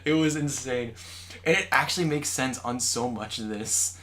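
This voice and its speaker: Animated young man recapping an episode. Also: mid-range voice, moderate pace. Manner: animated retelling with quoted voices and frequent laughter. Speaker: podcast co-host. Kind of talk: casual chat recapping an anime episode.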